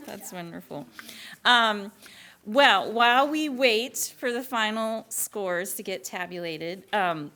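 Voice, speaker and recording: A woman from Florida hosts a school story slam and fills the wait with a casual story. She is chatty and rambling, with plenty of ums. Her pitch sits in the middle. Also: pushed and bright. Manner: chatty and rambling, with many fillers. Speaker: host, school librarian. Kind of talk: casual storytelling between acts.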